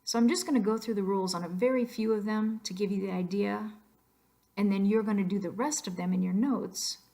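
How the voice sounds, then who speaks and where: A young adult woman, a Spanish teacher, narrating a slide lecture and explaining accent rules, switching between English and Spanish with soft asides. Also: mid-range voice, fairly even intonation, fairly quick.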